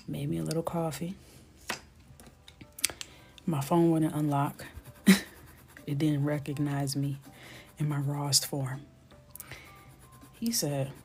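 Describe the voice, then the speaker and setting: A woman in her thirties, chatting casually on a coloring live stream and telling playful, animated stories that sometimes drop to a whisper. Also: low-pitched, slow pace, long pauses.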